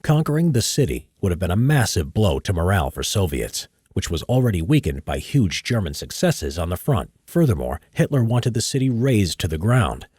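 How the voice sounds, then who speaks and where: A man's voice: sits low, darkish tone, slightly rough, no echo, clean studio sound. A man recording history narration takes live, chatting casually between careful read-throughs. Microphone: studio microphone.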